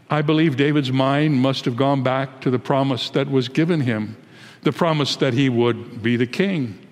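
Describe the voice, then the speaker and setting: An American man in his eighties, a pastor giving an emphatic, deliberate sermon in a large church. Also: a little high, in a large hall. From United States. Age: 80s. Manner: emphatic, deliberate preaching that rises into pleading when quoting prayers.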